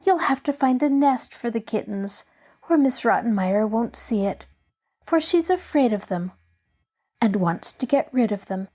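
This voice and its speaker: A woman voicing a gentle young girl who reasons kindly with others. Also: a little high, lively intonation, a little slow. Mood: coaxing.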